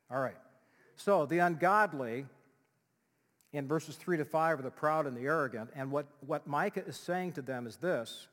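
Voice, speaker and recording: A male pastor preaching a sermon in an animated way, dropping to a hush and rising loud again. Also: a little high, moderate pace. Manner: animated, swings from loud to hushed, acts out quotes. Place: church sanctuary. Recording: long reverb of a church hall.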